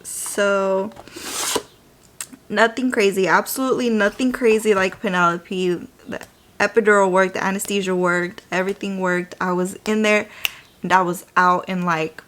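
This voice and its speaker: A young woman chats to her camera as she does her makeup at home, telling a long personal story. Her voice sits at a middle pitch, and she is animated and casual, now and then dropping to near-whispers. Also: normal speed. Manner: animated, chatty, drops to whispers while applying makeup. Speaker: beauty vlogger. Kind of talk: chatty get-ready-with-me storytelling.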